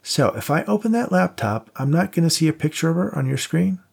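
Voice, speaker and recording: A man's voice: a little high, animated, a little fast, creaky, darkish tone, breathy edge, voice pushed up, exaggerated voice. A man voicing a cocky, wisecracking male cop buddy in an audiobook, teasing and joking, raised above his own voice. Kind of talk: audiobook character voice.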